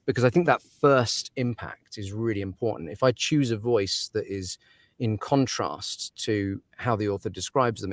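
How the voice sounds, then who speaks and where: A man's voice: fairly low pitch, no echo, clean studio sound. A man who narrates audiobooks, talking through his craft in a casual interview, thoughtful and given to laughs and fillers.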